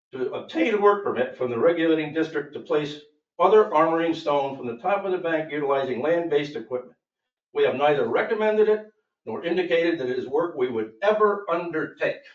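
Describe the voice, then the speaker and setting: A man whose voice runs a little high speaks during public comment at a board meeting as a property owner, recounting his grievance emphatically and quoting others. The sound is reverberant and muffled, from a distant microphone.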